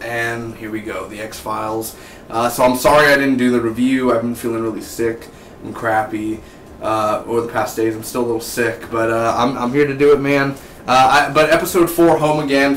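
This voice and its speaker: Rambling man reviewing TV in a roomy space. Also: mid-range voice. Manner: rambling, excitable, trails off into tangents. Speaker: TV episode reviewer. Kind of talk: casual spoken review. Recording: roomy, distant mic, faint background noise.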